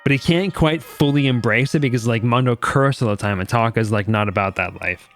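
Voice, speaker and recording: Young male streamer, relaxed casual commentary. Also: mid-range voice, a little fast, faint music behind. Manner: relaxed, chatty. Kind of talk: casual let's-play commentary.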